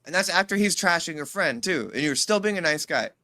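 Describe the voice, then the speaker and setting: Lively, bright-voiced woman co-host ranting. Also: lowish voice. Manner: animated, swearing, quick interruptions. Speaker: podcast co-host. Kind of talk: casual chat.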